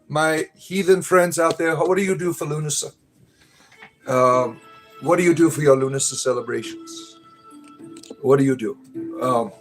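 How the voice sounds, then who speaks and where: A middle-aged man hosting a casual livestream, rambling and chatting with viewers as he answers their comments. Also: on the high side. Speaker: livestream host.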